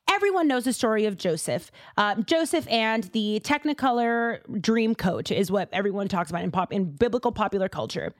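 A woman from Boston hosting a casual podcast, chatty and animated, full of fillers and quick asides. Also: fairly high pitch, no room sound, studio quality. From Boston, USA. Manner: chatty and animated, with lots of fillers and side remarks. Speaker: podcast host.

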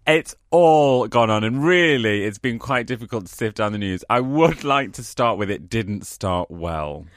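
A woman's voice: extremely low pitch, animated, unhurried, no echo, clean studio sound. A British woman co-hosting a podcast, theatrical and gushing, with lots of giggles. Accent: British English. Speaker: podcast co-host. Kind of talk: casual podcast chat.

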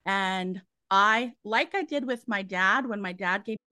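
A woman's voice: mid-range voice, measured pace, bright, forceful tone, faint music behind. A woman, a guest medium telling her story in a casual interview, chatty and full of fillers. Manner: chatty, many fillers and restarts.

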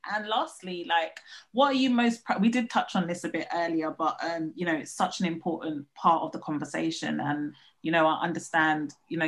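A woman with a slightly low voice hosts a podcast interview. She talks in long, flowing, effusive sentences full of praise, with plenty of "you know" along the way. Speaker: podcast host.

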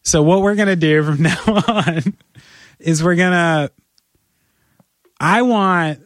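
A man co-hosting a podcast in casual chat, animated and playfully persuasive, talking in long run-on pitches. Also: slow, dry recording, clean studio sound. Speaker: podcast co-host.

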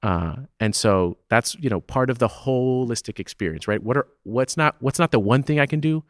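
A man's voice: mid-range voice, normal speed, dry recording. A man in his thirties, a theater owner being interviewed, talking emphatically and tagging points with "right?". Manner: emphatic, keeps asking "right?" to drive points home. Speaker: theater owner and festival director guest. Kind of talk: conversational interview. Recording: dry close-mic podcast sound.

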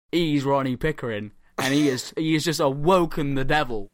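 A man's voice: fairly high pitch, normal speed, dry recording, studio quality. A young man hosting a podcast, animatedly telling a comic story full of swearing and acted-out quotes. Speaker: podcast host.

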